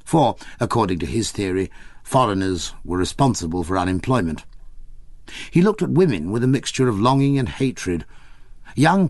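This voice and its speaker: A man narrating an audiobook in a measured, wry storytelling manner. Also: low-pitched, no room sound.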